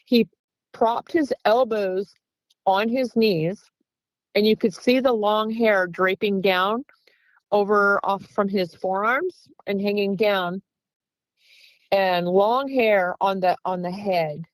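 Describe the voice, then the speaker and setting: A woman's voice: medium pitch, fairly even intonation, takes it slowly, no room sound, poor audio. A woman guest earnestly telling a long encounter story, acting out the quoted voices of the people in it. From Pennsylvania. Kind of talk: recounting an encounter.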